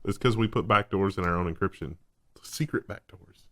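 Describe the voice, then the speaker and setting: A man with a somewhat low voice explains tech news stories in a relaxed way. His delivery turns sardonic when he talks about official claims. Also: moderate pace. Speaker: co-host of a tech news show. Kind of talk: casual news chat.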